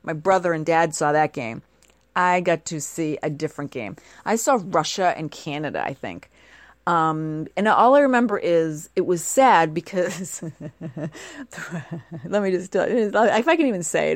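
A woman's voice: on the low side, a little slow, no room sound. Chatty woman in a dry room. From United States. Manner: chatty, animated, asks rhetorical questions. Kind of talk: casual rambling monologue.

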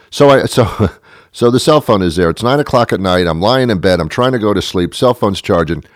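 A man telling a ranting comic story, mocking himself and swinging from loud outbursts to mutters. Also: lowish voice, animated, moderate pace, no echo, studio quality. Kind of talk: comedic storytelling monologue.

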